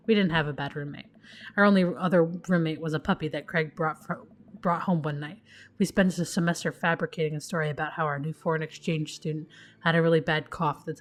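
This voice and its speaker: A woman's voice: low-pitched, a little hiss or hum, natural voice. A woman voicing a goofy, sentimental middle-aged dad in a dating game, with dorky jokes.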